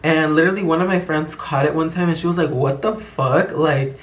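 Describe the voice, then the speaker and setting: A man's voice: a little high, fairly even intonation, fast talker, background noise. A young man telling a rambling, slang-filled, profane story in a casual vlog. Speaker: vlogger. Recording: echoey room.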